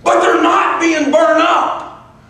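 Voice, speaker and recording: A man with a very high voice preaches slowly and dramatically, rising to shouts and falling to breathy near-whispers. The sound is heavily echoed and picked up from far back in a church sanctuary. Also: flat delivery, a faint crowd. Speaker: pastor. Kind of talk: dramatic storytelling sermon. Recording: very echoey room, picked up from afar.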